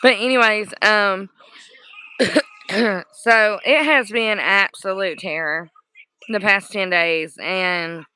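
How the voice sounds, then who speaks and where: A streamer, hoarse and worn out, chatting casually and rambling apologetically on a livestream. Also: medium pitch, pushed and bright, no room sound, poor audio. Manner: slow, rambling, apologetic talk.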